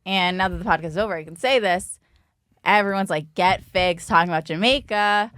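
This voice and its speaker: A woman's voice: on the low side, a little fast, a bit bright, smooth, no room sound, clean studio sound. Chatty, giggly female podcast host. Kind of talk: casual podcast chat.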